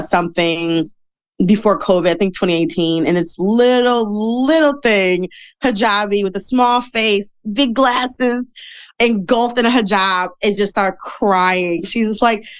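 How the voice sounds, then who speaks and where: A woman's voice: a little slow, clean tone. A woman guest on a podcast, telling stories casually and acting out the voices of people she quotes. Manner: animated, acts out quoted voices with big pitch jumps. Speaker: podcast guest, model and speaker. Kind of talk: casual interview storytelling.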